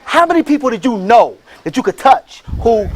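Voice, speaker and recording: Brief: man, high voice, preacher-style motivational speaker, calls out for crowd replies, sudden shouts. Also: very animated, normal speed. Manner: preacher-like, rallying the crowd with call-and-response and shouted bursts. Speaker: motivational speaker and franchise entrepreneur. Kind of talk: motivational speech.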